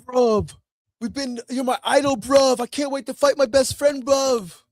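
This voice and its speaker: A man's voice: very high-pitched, fairly even intonation, unhurried, dry recording, clean studio sound, voice pushed up. A man putting on a mocking voice of a chummy young male wrestler gushing over his opponent. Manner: mocking, exaggerated.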